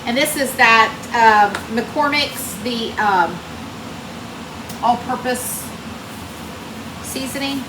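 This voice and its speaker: A woman's voice: on the high side, slow pace, pauses often. Chatty woman in a roomy kitchen. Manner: chatty, folksy, talks straight to viewers. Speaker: cooking vlogger. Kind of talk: casual cooking chat. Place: home kitchen. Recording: roomy kitchen with air-conditioner hum. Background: central air running.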